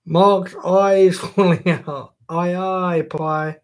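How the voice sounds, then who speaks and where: Guy live streaming, chill jokey chat, swears a lot, talks slow. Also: sits high, fairly even intonation. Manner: chatty and jokey, swears casually.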